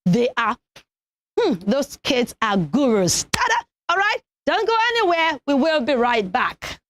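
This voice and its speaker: A young woman presenting a children's TV pronunciation lesson, enunciating slowly and deliberately and cheering the kids on. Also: high-pitched, sing-song, no echo. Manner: slow, deliberate teacherly enunciation, encouraging.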